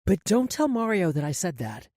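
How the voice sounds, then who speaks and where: A man's voice: sits high, very animated, normal speed, a little mellow, no echo, voice pushed up. A male audiobook narrator voicing a blunt, self-assured woman with a frank, dry humor. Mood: wry. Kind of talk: audiobook character voice.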